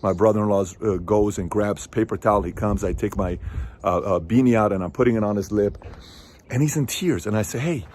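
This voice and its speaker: A man in his thirties, a show host, telling a personal story to camera in a casual, emphatic way with sudden loud peaks. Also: fairly low pitch, a little fast, slight background noise.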